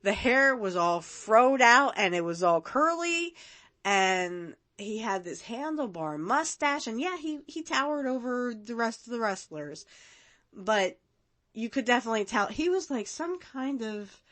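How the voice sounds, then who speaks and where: A woman's voice: on the high side, animated, a little slow, a bit bright. Chatty woman hosting a watch-along. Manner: chatty, rambling, laughs often. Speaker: podcast host. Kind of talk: casual watch-along commentary.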